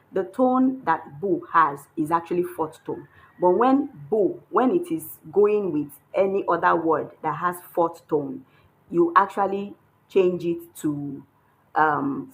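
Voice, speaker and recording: A woman's voice: fairly low pitch, rough recording. A woman teaching a beginners' Chinese lesson, explaining patiently while writing characters and often checking in with a questioning "hmm?". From Nigeria.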